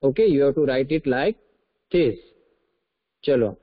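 A man's voice: mid-range voice, lively intonation. Indian man teaching over a muffled call. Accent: Indian English. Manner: repeats questions, dictates slowly, coaxing. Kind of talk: online English class. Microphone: video call.

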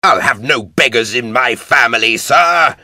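A man's voice: medium pitch, animated, measured pace, pushed and bright, no room sound, clean studio sound, pitched above the performer's own voice. A man voicing a proud, furious older father who roars in an audiobook. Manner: roaring. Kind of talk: audiobook character voice.

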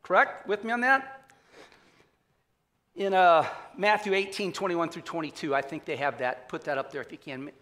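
A man's voice: a little high, normal speed, pushed and bright. A man pastor giving a conversational sermon, often asking the congregation questions. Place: church auditorium.

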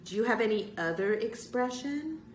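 A cheeky, mocking young boy, played by a woman reader, bold and a little loud. He is a storybook figure, heard with a roomy echo. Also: fairly high pitch, lively intonation, moderate pace, a little hiss or hum, pitched above the performer's own voice, lightly acted. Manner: teasing, mocking. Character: teasing, wisecracking young boy.

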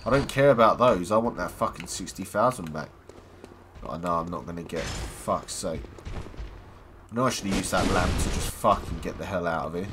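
A man's voice: low-pitched, moderate pace, heavy background noise. A man playing a game and commenting on it, swearing constantly as he rages and mutters. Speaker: gamer. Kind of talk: angry gameplay commentary.

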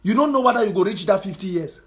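A man's voice: sits high, animated, fast talker, a bit bright. A man with a Cameroonian Pidgin English accent delivering an impassioned social media monologue, scolding his audience with repeated rhetorical questions. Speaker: political commentator.

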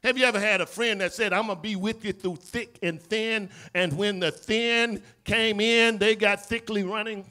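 A Southern-accented male pastor preaches in a church sanctuary, his voice high and bright with a forceful edge. He acts out scripture dialogue and swings between loud cries and hushed, low lines. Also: steady tone, moderate pace, few pauses. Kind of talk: sermon.

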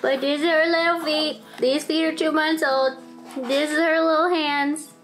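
A woman's voice: high-pitched, steady tone, measured pace, a bit bright, soft background music. A young woman vlogging casually at home in her apartment, chatty and bubbly, laughing often as she talks to the camera. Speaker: vlogger and new mom.

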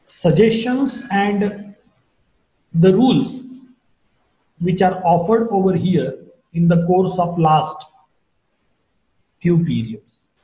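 A man lectures on phonetics at a slow, careful pace. His high voice has a mellow, dark tone. The recording carries a roomy echo. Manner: slow, deliberate teaching with wide pitch swings.

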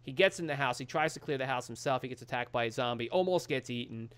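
Male podcast co-host, mid-pitched, animated casual recap voice, acts out the quotes. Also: fast talker, clear, resonant tone. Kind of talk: casual chat.

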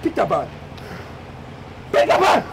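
Man as a cruel Nigerian gunman, lively high voice, taunting and threatening, street noise behind. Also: fairly quick. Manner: threatening, taunting, repetitive commands. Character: menacing male armed robber, taunting and cruel. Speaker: armed robber.

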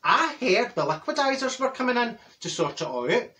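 A man's voice: extremely high pitch, very animated, brisk, pushed and bright, far from the mic, heavily acted. A man playing a chatty middle-aged Glaswegian woman with a Glaswegian Scottish accent, rambling through gossip full of asides and restarts in a comic monologue. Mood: gossipy chatter. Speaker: comedy character vlogger.

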